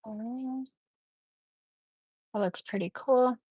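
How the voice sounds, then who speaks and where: A woman hosting a live nail tutorial in a chatty, excitable way, often apologizing as she works. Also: a little high, extremely slow, husky, no echo. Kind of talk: casual live-stream tutorial.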